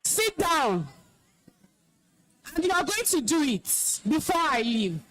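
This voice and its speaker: A young woman with a Nigerian accent addresses a room of students, her voice high and swinging widely as she scolds them sternly. She gives orders, then turns emotional and commanding when she speaks about respect for teachers. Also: big pitch swings, slow, fairly bright tone. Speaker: alumna speaker at school event.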